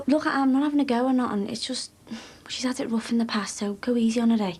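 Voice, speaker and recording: A woman's voice: fairly high pitch, quick pace, darkish tone, slightly rough. An actress playing a protective, guarded young woman in a TV soap drama, speaking earnestly.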